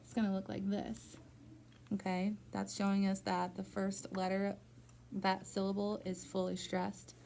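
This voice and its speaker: A woman's voice: medium pitch, completely flat delivery, measured pace, gravelly, a little mellow, a little hiss or hum. A woman teaching reading one-on-one, prompting a student step by step with patient encouragement. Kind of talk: one-on-one phonics tutoring.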